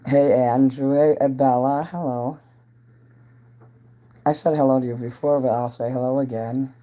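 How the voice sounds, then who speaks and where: A man's voice: medium pitch, fairly even intonation, unhurried, mellow. A man, a self-styled entertainer, rambling casually on a livestream, greeting viewers by name and chatting about whatever comes to mind.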